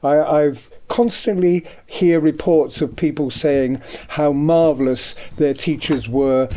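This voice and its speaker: Older Devon-raised man, mellow tone, anecdotal radio guest. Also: fairly high pitch, fairly even intonation, slow. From Devon, England. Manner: rambling, anecdotal, many ums. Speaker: guest, artist. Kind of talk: radio interview chat. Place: radio studio.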